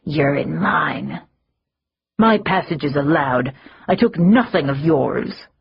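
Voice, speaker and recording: A woman voicing an ancient fae woman with calm, soothing authority, read as part of an audiobook. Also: low-pitched, takes it slowly, vocal fry, muffled recording, slight background noise, exaggerated voice. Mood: commanding.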